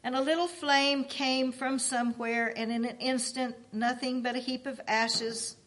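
A woman reading a book aloud at a church service, paraphrasing as she goes in a measured, earnest way. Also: sits high, fairly even intonation, fairly bright tone.

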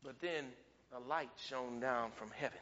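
A man preaching a sermon, emphatic, rising to near-shouts and then dropping low. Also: normal speed, in a large hall, dull audio, a little hiss or hum.

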